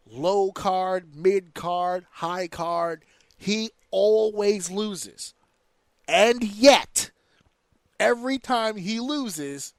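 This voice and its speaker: A man co-hosting a casual wrestling podcast, ranting excitedly and swearing often. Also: sits high, no echo. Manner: animated, profane, rants excitedly. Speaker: podcast co-host.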